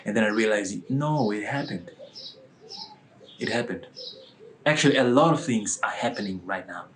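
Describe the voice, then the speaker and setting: A man's voice: on the low side, normal speed, slight background noise, rough recording. A man telling a personal spiritual testimony in a rambling way, with many restarts and repeats. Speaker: vlogger.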